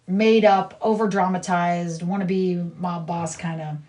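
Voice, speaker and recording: A woman's voice: fairly low pitch, steady tone, unhurried, darkish tone, slight background noise. Blunt indignant woman ranting on a livestream. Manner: blunt, indignant, talks to her child off to the side. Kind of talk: casual live-stream rant. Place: home living room.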